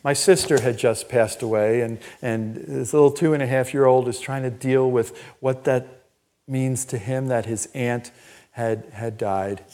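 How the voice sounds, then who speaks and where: An older man preaching a sermon as pastor, telling personal stories in an animated, emphatic way. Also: medium pitch, unhurried. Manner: storytelling, animated and emphatic, laughs at own stories. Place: church.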